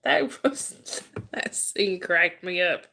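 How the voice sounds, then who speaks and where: A woman's voice: on the low side, expressive, slow, creaky, pushed and bright. A woman hosting a casual live stream, greeting viewers and teasing them with frequent laughter.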